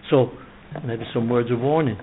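With a steady, medium-pitched voice at a moderate pace, a man preaches earnestly, stressing his points and reciting scripture at length. Repeated phrases drive his message, and the recording sounds tinny and phone-like with faint noise.

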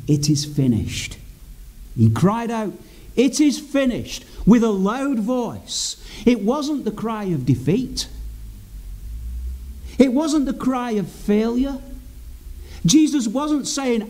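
A man's voice: high-pitched, dark tone. A man preaching a sermon in an earnest, emphatic way, repeating key phrases for weight.

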